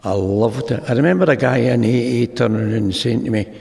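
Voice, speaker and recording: Older Scottish man, gravelly, echoing hall. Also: medium pitch, fast talker, darkish tone. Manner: rambling storyteller who acts out the dialogue. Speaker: speaker sharing at a recovery meeting. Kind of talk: personal testimony talk. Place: large meeting hall. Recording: long hall reverb.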